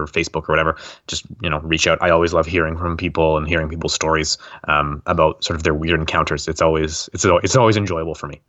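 A man's voice: a bass voice, fairly bright tone, lo-fi sound. A man speaking as a podcast guest and author in casual interview chat, rambling with many fillers.

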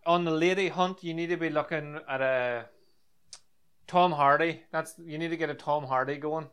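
A man hosting a podcast, calm and relaxed as he chats with his guest. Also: fairly high pitch, moderate pace, smooth. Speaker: podcast host. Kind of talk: casual podcast chat.

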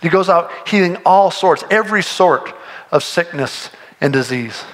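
A man's voice: high-pitched, expressive, moderate pace, fairly bright tone, poor audio. A man preaching a sermon, earnest and conversational, often restarting his sentences and pushing toward emphatic points. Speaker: pastor.

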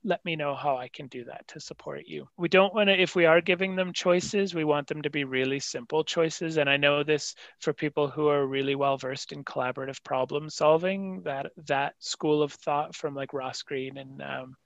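A man's voice: fairly high pitch, fairly even intonation, moderate pace, hardly any pauses, fairly bright tone, dry recording. A male psychologist talking in a podcast interview. He explains at a conversational pace and sometimes acts out what parents and kids say. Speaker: psychologist guest. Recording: dry, slightly dull podcast audio.

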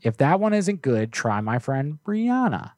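A man's voice: on the high side, big pitch swings, a little slow, darkish tone, dry recording. Young man, streamer host, casual, joking, swears, dry sound. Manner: joking, profane, offhand. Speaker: prank call streamer host. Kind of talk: casual livestream chat.

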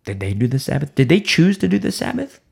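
A man preaching a sermon, emphatic and repetitive, asking rhetorical questions and swinging from loud emphasis down to a hushed voice. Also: a little high, big pitch swings, fast, vocal fry, breathy edge.

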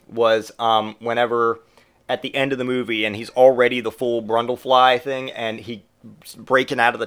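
A man hosting a podcast, rambling and swearing through a comic monologue, getting over a cold. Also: medium pitch. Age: adult parent who grew up in the eighties. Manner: profane, rambling and animated, with mock voices for quotes. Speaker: podcast host. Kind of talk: casual comedic monologue.

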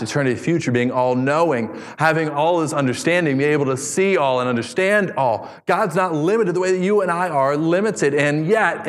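A man preaching a sermon, animated, reading scripture aloud and acting out voices. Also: a little high. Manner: animated preaching, acts out David's voice. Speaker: pastor. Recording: long hall reverb.

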